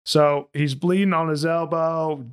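A man and boat captain telling a casual story, lively, often acting out the dialogue. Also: a little high, a little slow, clear, resonant tone. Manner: animated, jumps into quoted dialogue.

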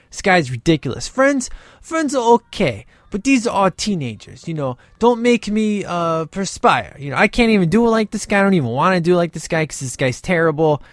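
A man's voice: a little high, no room sound, clean studio sound. A man talking casually about a movie in a rambling way, full of fillers and asides. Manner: rambling, many fillers like "you know". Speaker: movie reviewer. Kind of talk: casual video commentary.

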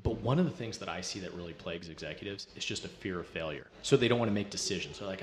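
A man's voice: low voice, lively intonation, fast, hardly any pauses, reverberant. A man hosting an interview, speaking in a reflective way with many fillers. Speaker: podcast host. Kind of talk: casual interview talk.

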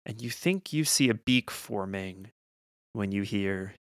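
A man serving as game master, narrating scenes slowly and quietly. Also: on the low side, no echo, clean studio sound. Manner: slow, hushed, descriptive narration.

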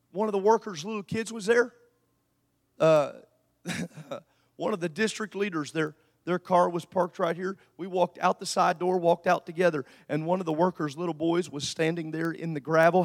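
High-voiced preaching man. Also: steady tone, moderate pace. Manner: preaching, swings between quiet asides and shouted peaks. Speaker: pastor. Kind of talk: sermon.

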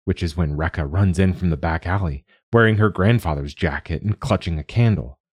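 A man hosting and narrating a short story in a calm, measured way. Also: deep voice, breathy edge, no echo. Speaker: host and narrator.

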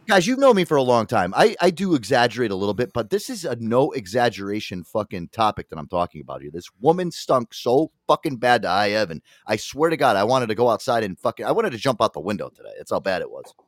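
A man hosting a talk show, telling stories in a profane, animated way. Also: medium pitch, fast, few pauses, no echo, studio quality. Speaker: radio show host. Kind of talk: casual talk-radio banter.

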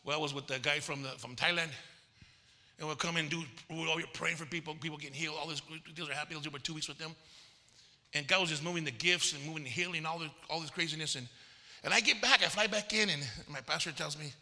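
A male pastor preaching in a big conference hall, his voice pitched high for a man and strikingly bright and forceful. His delivery is animated, and he slips into the voices of the people in his stories. A long reverb trails every phrase. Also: fast talker. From Texas. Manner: animated storytelling, acting out quoted voices. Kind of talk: conference sermon.

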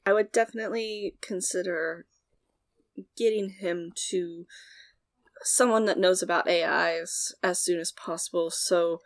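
A woman's voice: on the low side, steady tone, measured pace. A woman running a tabletop role-playing game as game master, narrating scenes with easy fillers.

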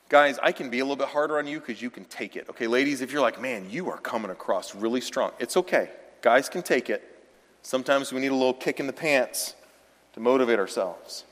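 A man's voice: mid-range voice, a bit bright. Emphatic male pastor in a reverberant church. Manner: emphatic, direct exhortation. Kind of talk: sermon. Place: church sanctuary. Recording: long reverb of a large church hall.

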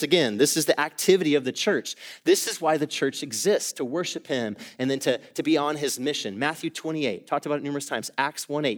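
A man preaching a sermon as pastor in a church, earnest, repeating and restarting phrases, his voice swelling louder and higher at the peaks and dropping quiet between them. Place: church sanctuary.

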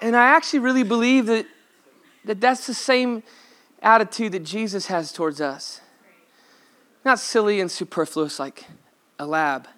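A male pastor preaches in a casual, playful way, with a high voice. His voice is bright and forceful as he jokes with the congregation and drives home his points. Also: moderate pace, pauses often. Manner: conversational, playful, emphatic. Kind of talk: sermon.

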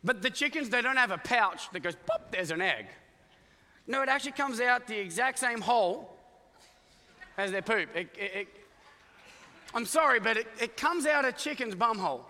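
A pastor from Iowa, United States, preaches a sermon to his congregation in a church auditorium. His voice is very high and his pace normal, and a long reverb tail trails each line. He is an animated storyteller, joking and acting out the voices of characters as he tells his stories.

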